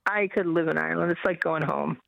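A woman's voice: deep voice, fast talker, gravelly, a bit bright, no room sound. A middle-aged American woman calling in to a radio show, chatty and often restarting her sentences. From United States. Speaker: caller. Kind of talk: casual call-in chat. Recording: muffled phone-in line.

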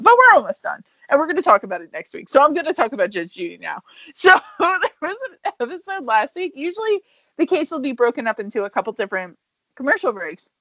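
Animated laughing young woman. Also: a little high, no echo. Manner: animated, laughing, acts out quoted voices. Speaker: podcast co-host. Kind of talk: casual chat. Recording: dull, dry home podcast audio.

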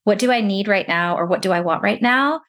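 A woman's voice: medium pitch, fairly quick, a bit bright. A woman speaking as a career break coach in an interview, giving encouraging advice and acting out little inner voices.

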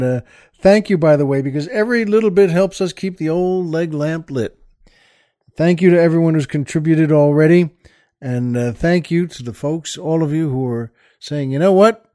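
A man's voice: on the high side, normal speed, dark tone, no room sound, clean studio sound. A man hosting a podcast in a casual monologue, rambling with many fillers and restarts. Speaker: podcast host.

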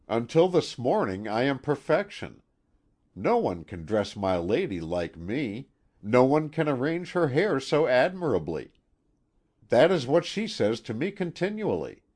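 A man's voice: mid-range voice, a little mellow, voice pushed up. A man voicing a discontented, discharged lady's maid who presses her complaint insistently.

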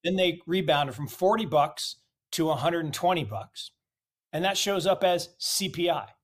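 A man with a somewhat high voice delivers forceful, opinionated market commentary. He presses his points with strings of rhetorical questions and blunt declarations. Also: lively intonation, moderate pace. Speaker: guest commentator.

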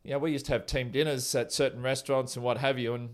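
A man's voice: mid-range voice, fairly even intonation, fast talker. Laid-back man telling stories. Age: 40s. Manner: chatty and laid-back, with many restarts. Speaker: former teammate telling stories. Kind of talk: casual anecdotal interview.

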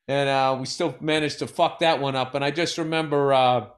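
A middle-aged man, co-hosting a casual podcast and telling animated, profane stories. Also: medium pitch, normal speed. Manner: animated storyteller, swears freely, acts out quotes. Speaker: podcast co-host.

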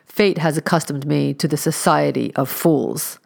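Blustering old colonel, read by a woman, curt and shouting, low gravelly tone. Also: fairly even intonation, normal speed, exaggerated voice.

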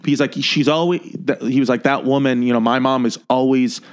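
A man, a comedian guest telling a family story in casual podcast chat, animated and profane, often restarting his sentences. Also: medium pitch, brisk, clear, resonant tone. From New York City.

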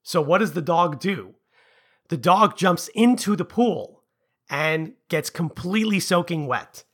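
A man co-hosting a podcast who talks through a story in a measured, patient way. His voice sits a little high and sounds bright and forceful. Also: expressive, breathy edge. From Canada. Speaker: podcast co-host. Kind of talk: casual chat.

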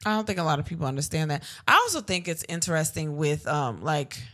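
Young woman co-host, candid chatty talker, bright voice with a lively up-and-down delivery. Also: deep voice, fast talker. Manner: candid, chatty, lots of "like" fillers. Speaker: podcast co-host. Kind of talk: casual chat.

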